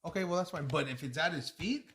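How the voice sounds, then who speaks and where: A man co-hosting a podcast in casual sports chat, telling animated stories and swearing often. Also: fairly high pitch, fast talker, slight background noise. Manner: excited storytelling, frequent swearing. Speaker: podcast co-host.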